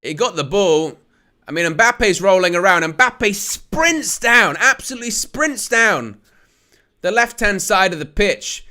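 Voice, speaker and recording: High bright voice, guy calling a football match live for viewers, jokey and excitable, laughs a lot. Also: a little slow. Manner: excitable, jokey, laughs often, rises to shouts at near-misses. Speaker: host of a live match watch-along. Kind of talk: live play-by-play commentary and chat.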